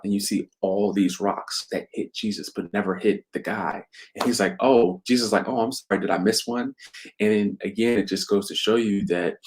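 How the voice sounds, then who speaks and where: Relaxed low-voiced man sharing faith reflections. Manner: reflective, conversational, many fillers. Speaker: faith vlogger. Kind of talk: casual devotional talk.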